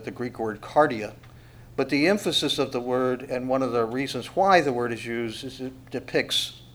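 A middle-aged man leads a Bible study in a relaxed, conversational way. His voice sits at an ordinary middle pitch, and he keeps asking the listeners questions and punches the words he wants to stress. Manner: conversational, asks rhetorical questions, dynamic emphasis. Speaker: Bible teacher. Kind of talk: expository Bible teaching.

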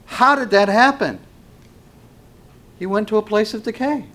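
A man preaching a sermon slowly and emphatically, swinging between loud passages and hushed ones. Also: sits high, wildly swooping pitch.

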